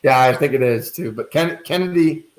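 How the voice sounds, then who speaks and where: A man's voice: medium pitch, normal speed. A man co-hosting a casual podcast from his kitchen at home, teasing and playful as he runs a trivia game. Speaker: podcast co-host. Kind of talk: casual chat. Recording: echoey kitchen.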